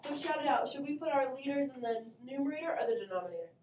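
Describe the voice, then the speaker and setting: A woman's voice: high voice, animated, fast talker, darkish tone. Upbeat woman teaching a roomy classroom. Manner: upbeat, calls on students and quizzes the class. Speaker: math teacher. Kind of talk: classroom instruction. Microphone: distant camera mic. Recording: roomy classroom, voice from far off, faint hum.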